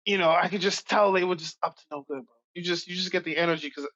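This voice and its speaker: A man from Brooklyn, a podcast guest telling animated stories from his youth. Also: high-pitched, quick pace, lo-fi sound. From Brooklyn, New York. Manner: animated, acts out voices in stories. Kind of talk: casual storytelling.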